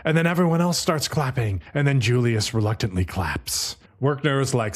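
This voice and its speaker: A man's voice: medium pitch, animated, moderate pace, few pauses. A young man co-hosting a casual podcast, recapping an episode with swearing and jokes. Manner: profane, joking recap of an anime episode. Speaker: podcast co-host.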